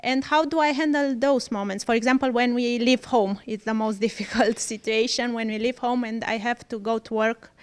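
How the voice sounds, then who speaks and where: A Romanian woman, a mother, poses her question in English slowly and hesitantly, pausing for words. Her voice is fairly high and smooth, and her delivery clear. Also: fairly even intonation. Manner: hesitant, many pauses and fillers. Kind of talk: interview question.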